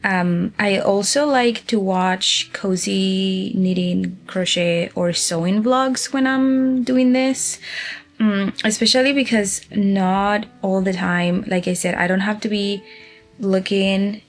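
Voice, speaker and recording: A woman's voice: mid-range voice, takes it slowly, faint music behind. A woman from Spain with a Spanish accent, chatting casually as a crochet vlogger and thinking aloud as she works. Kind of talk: casual chat while crafting.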